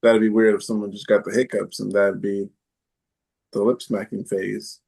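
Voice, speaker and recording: Man, podcast host, low-ish voice, hesitant and thinking out loud. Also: flat delivery, moderate pace, creaky, slightly rough. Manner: thinks aloud with hesitant ums and repeats. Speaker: podcast host reading listener comments. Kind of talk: casual chat.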